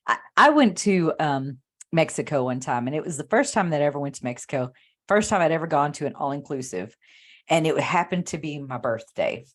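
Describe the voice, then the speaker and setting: A woman co-hosting a podcast over a video call, telling stories in a casual, animated way. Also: low voice, fairly quick. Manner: animated storyteller, acts out the voices in her stories. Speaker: podcast co-host. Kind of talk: casual chat.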